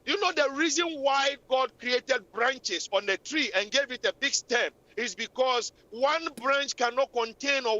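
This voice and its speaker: Impassioned high-pitched woman preaching. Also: fairly bright tone. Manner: scolding, repetitive, impassioned. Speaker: radio talk show host. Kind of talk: preaching relationship advice. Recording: lo-fi radio recording.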